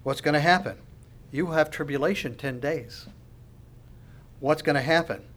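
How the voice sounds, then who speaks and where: Impassioned male preacher, fairly high voice. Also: moderate pace. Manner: impassioned preaching, swings from hushed to loud. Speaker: pastor. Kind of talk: sermon.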